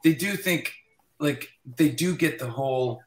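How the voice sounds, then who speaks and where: A man telling lively stories as a guest on a video-call show, often laughing as he talks. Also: a little high, a little slow, faint music behind. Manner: animated, laughs through his stories. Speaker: guest guitarist. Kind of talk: casual storytelling chat. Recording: roomy echoey sound.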